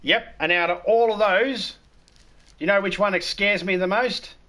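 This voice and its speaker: Middle-aged aussie guy chatting on stream, rambly, swears a lot, slightly higher voice. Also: unhurried, pushed and bright. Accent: Australian. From Australia. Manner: rambling, swears freely, blunt and jokey. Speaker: game streamer. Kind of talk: casual chat.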